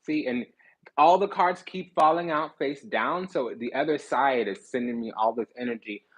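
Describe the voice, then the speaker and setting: A man's voice: mid-range voice, moderate pace, husky, lo-fi sound. A man giving a casual tarot reading, talking bluntly in slang and with swearing, and often stopping to restart his sentences. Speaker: tarot reader.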